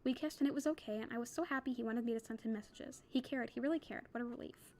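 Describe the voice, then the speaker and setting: Fast, bright-voiced young woman reading aloud. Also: a little high. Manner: quick reading with casual asides. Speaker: book club reader.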